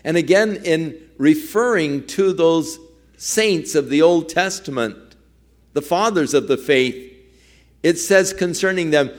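A man's voice: a little high, slow pace. A male pastor preaching a sermon, telling a story earnestly and acting out its quoted dialogue.

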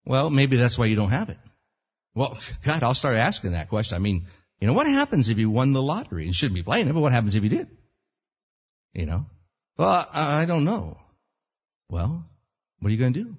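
A man preaching a sermon as pastor, animated and acting out prayers in little character voices. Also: mid-range voice, brisk, breathy edge. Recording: dull lo-fi church hall recording.

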